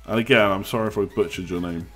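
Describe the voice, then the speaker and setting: A man's voice: fairly low pitch, fast talker, faint music behind. A young man hosting a live stream, chatting casually, joking and reading out the chat. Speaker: livestream host.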